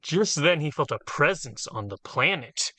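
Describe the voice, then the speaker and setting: Host reading fanfic aloud, bright dry voice, jokes between lines. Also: male voice, a little high, big pitch swings, moderate pace, no echo. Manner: reads narration, breaks off to joke. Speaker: reader and host.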